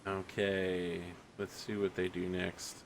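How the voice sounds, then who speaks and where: A man's voice: low-pitched, slow. A young man casually narrating a tabletop game as game master. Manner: casual, relaxed narration with filler words.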